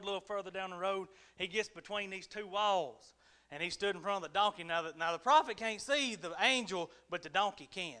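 A male pastor preaches to his church in a folksy storytelling style. His voice sits very high and rings with a sharp brightness. He moves between earnest pleading and chuckling humor, and his delivery is full of colloquial turns. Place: church service.

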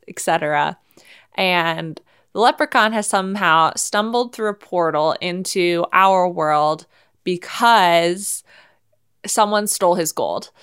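A woman's voice: on the low side, a bit bright, clear, resonant tone. A woman co-hosting a podcast, playfully making up a movie plot in a casual, giggly way. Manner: playful, giggly storytelling with many ums. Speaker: podcast co-host.

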